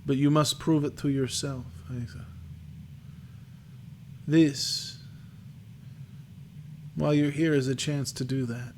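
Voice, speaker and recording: A man's voice: mid-range voice, steady tone, slow, pauses often, a little mellow. A man voicing an old, bent fortune-teller woman with a crackling, dry voice, speaking in cryptic pronouncements.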